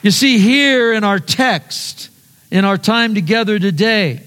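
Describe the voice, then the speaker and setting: A man's voice: high-pitched, expressive, measured pace, fairly bright tone, big-room sound. A male pastor preaching a conversational sermon, earnest, often repeating words and asking the congregation questions.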